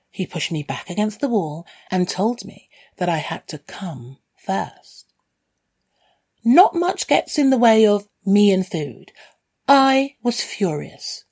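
A woman's voice: lowish voice, a little mellow, breathy edge. A woman reading a first-person story in a candid, dryly wry way. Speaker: narrator.

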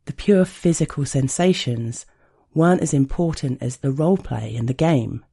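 A man reading a first-person erotic story in a slow, intimate, hushed way. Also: medium pitch, animated, gravelly, slightly rough. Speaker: narrator.

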